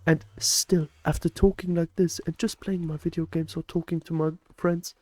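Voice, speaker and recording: A young man vlogging a casual story in slangy, playful talk, speaking low and close to a desk mic in his bedroom. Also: little pitch movement, normal speed, warm tone, no echo. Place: shared bedroom at home. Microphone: desk microphone up close.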